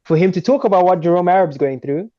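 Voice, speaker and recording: A man hosting a podcast interview, talking in an animated, enthusiastic way with laughs. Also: sits high, quick pace, highs cut off. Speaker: podcast host. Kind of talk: casual interview chat.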